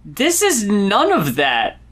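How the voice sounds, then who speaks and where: A man's voice: sits high, huge pitch swings, slow, fairly bright tone. A man co-hosting a casual album review podcast, explaining the background and stumbling over his words. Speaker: podcast co-host.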